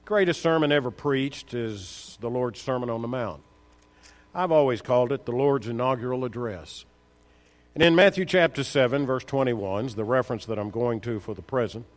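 A man's voice: medium pitch, moderate pace. A man preaching a sermon, firing rhetorical questions at the congregation and building to emphatic peaks.

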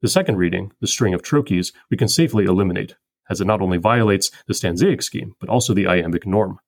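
Guy with a kinda husky low voice reading out his poetry breakdown, slow and methodical. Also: no room sound, clean studio sound. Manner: measured, methodical explaining. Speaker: podcast host. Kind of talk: scripted poetry analysis.

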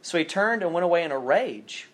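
Expressive and a little fast, his fairly bright voice sits on the high side. This faded-accent southern Alabama man is a campus minister giving an informal, self-deprecating sermon, reading scripture aloud and using many fillers along the way.

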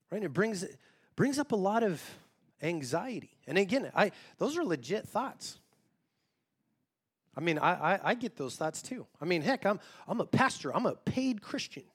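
A man's voice: sits high, very animated, moderate pace, breathy edge. A male pastor giving a conversational sermon, talking straight to the congregation in an informal, self-deprecating way.

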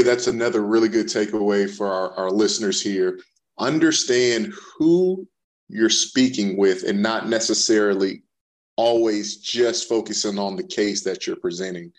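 A man hosting a podcast interview, summing up the lessons for listeners in a measured way. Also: lowish voice. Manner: sums up takeaways for listeners, deliberate. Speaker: podcast host.

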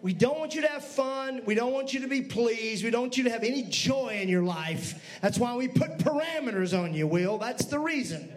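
A man preaching a sermon as pastor, lively, with asides to the congregation. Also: extremely high pitch, normal speed, few pauses.

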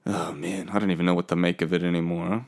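A young man talks straight to his listeners in a loose, rambling solo show. His voice sits a little low, and he swears freely and pokes fun at himself as he goes. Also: flat delivery, fast talker. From Australia. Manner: chatty, profane and self-mocking. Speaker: podcast host. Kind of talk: casual solo talk show.

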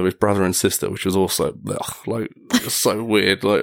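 This young podcast guest has a lowish, gravelly voice, a level tone and a fast delivery. He chats casually through meandering stories, laughing frequently and leaning heavily on "like".

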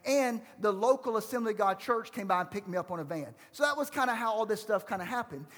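A man around forty preaching a sermon in a high, light voice. He presses the congregation with emphatic rhetorical questions. The sound rings with a long hall reverb. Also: expressive, fast, a bit bright. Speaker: pastor.

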